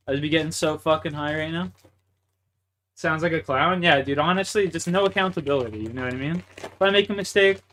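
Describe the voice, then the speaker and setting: Gaming on a livestream, a young man with a Canadian accent unloads on his chat in a frustrated, swear-filled tirade. His voice sits on the high side and has a fairly bright tone.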